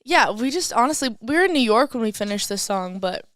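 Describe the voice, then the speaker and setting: A woman's voice: fairly high pitch, expressive, a little fast, fairly bright tone, no echo. A woman singer-songwriter as a podcast guest, chatting casually, giggling and acting out what she and others said. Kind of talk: casual chat.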